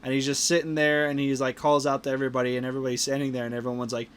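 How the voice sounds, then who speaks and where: A man's voice: medium pitch, little pitch movement, rapid-fire, hardly any pauses, a bit bright, clear, resonant tone. A man hosting a podcast, casually retelling a movie plot with lots of fillers and restarts. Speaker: podcast host. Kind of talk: casual movie review chat.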